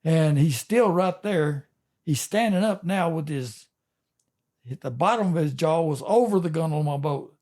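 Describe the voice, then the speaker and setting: A man's voice: on the high side, warm tone. An older man, a fishing captain telling a folksy story in a casual interview. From Texas. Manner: folksy, drawn-out yarn spinning with chuckles.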